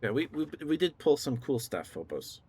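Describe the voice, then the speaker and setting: A man streaming live, chatting in a relaxed way and thanking viewers, still groggy with a morning voice. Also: mid-range voice, normal speed, breathy edge. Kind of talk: casual live-stream chat.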